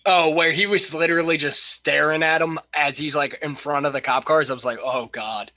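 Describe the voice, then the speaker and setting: Bright, slightly high man chatting. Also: fairly quick. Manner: excitable, laughs often, swears casually. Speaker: podcast co-host. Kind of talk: casual movie review chat.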